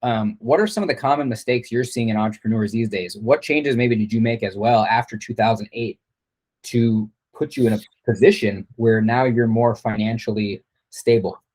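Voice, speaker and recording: A man's voice: lowish voice, moderate pace, darkish tone, breathy edge. A man hosting an interview podcast, reacting to his guest's stories and asking questions. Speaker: podcast host. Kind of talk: casual interview.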